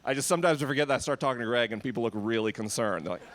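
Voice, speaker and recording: A man's voice: mid-range voice, very fast, fairly bright tone. A man hosting a live podcast Q&A on an outdoor festival stage, joking and self-deprecating with the crowd. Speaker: podcast host.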